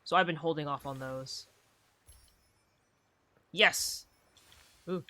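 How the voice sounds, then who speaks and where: A woman's voice: low voice, takes it slowly, sharp tone. A woman streaming a video game, chatting casually and rambling through stories while acting out what her friend said. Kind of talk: casual live-stream chat while gaming.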